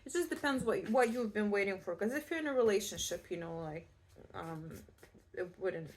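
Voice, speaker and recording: A woman's voice: medium pitch, expressive, normal speed. Chatty reassuring Scottish woman reading tarot. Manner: chatty and reassuring, many fillers and restarts. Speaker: tarot reader. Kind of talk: casual pick-a-card tarot reading.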